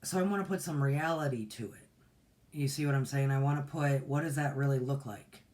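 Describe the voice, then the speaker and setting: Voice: medium pitch, brisk, a little mellow. Folksy, rambling meditation teacher in their forties. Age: 40s. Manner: folksy and rambling, with many fillers and restarts. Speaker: meditation teacher and channel host. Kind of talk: casual livestream talk.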